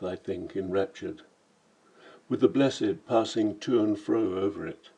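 A man's voice: fairly low pitch, measured pace, mellow, husky, poor audio. A man narrating his own travel memoir in a vivid, dramatic storytelling manner.

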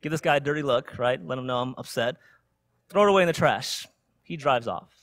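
A young adult man preaching, telling a personal story in an animated way and asking "right?" again and again. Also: medium pitch, a little fast, no echo. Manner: animated storytelling with frequent "right?" tag questions. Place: church sanctuary.

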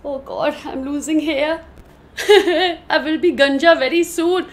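A young woman vlogger talking fast and giggling through her bloopers. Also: high-pitched. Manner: hyper, giggly, talks fast. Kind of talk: bloopers vlog.

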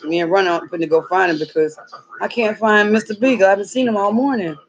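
A woman with a gravelly, fry-heavy voice talks to her viewers outdoors in the cold. Her delivery is dramatic and slangy, and she often shouts out calls. The sound is a dull, muffled, lo-fi phone recording. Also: medium pitch, fast. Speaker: vlogger. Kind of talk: casual outdoor vlog.

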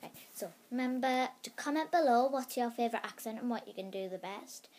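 A woman's voice: on the high side, a little fast, darkish tone, a little hiss or hum. A woman vlogging casually to camera, hesitant and rambling, often dropping to a whisper.

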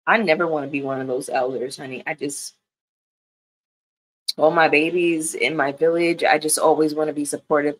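A woman's voice: low voice, moderate pace. A woman in her thirties chatting casually and candidly as a commentary vlogger, emphatic and profane. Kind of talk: casual chat.

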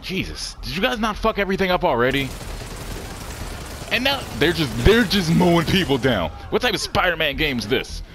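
A man talks through a game playthrough in casual commentary, swearing freely and laughing at his own jokes. His pitch is mid-range but swings animatedly. Faint game music sits behind him. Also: big pitch swings, moderate pace. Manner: profane, joking, often laughing. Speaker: gaming channel host. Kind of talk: casual let's-play commentary.

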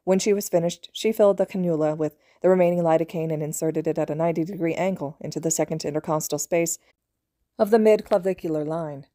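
A woman narrating fan fiction as an audiobook, with a low, mellow voice and steady, even delivery. The sound is close and dry, with almost no room around it. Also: fast, no room sound. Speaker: podfic reader.

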